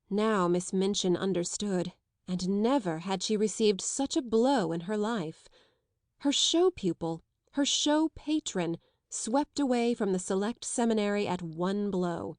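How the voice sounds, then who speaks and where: A woman reading a classic children's novel aloud as an audiobook narrator, in a measured, even storytelling voice. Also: medium pitch, dry recording, studio quality. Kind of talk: scripted narration.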